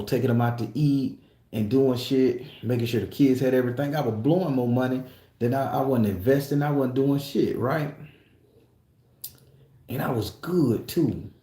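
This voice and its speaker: A man's voice: mid-range voice, dark tone. A man at a tattoo shop telling an emotional personal story in a profane, emphatic way. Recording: echoey room.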